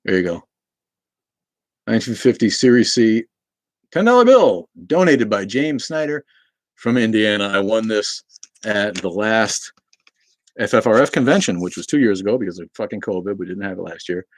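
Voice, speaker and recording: A man's voice: lowish voice, big pitch swings, moderate pace, no echo. A man from Boston hosting a casual livestream, rambling, swearing freely and answering chat comments. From Boston, New England. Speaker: livestream host.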